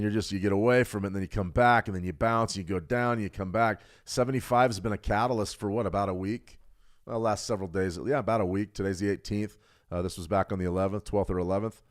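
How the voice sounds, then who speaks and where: Middle-aged guy, kinda low voice, running a live trading stream, rapid-fire and jokey with chat. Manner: fast-talking, animated, jokey with viewers. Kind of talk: live market analysis, reading chat.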